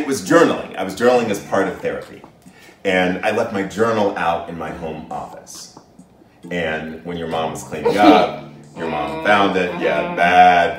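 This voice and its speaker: Middle-aged man, low voice, earnest and reflective storyteller; recorded off-mic in an echoey room. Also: recorded from a distance. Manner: earnest and reflective, with frequent restarts. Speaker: guest, the host's father. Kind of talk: personal story in casual conversation. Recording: echoey room, voice off-mic, faint music behind.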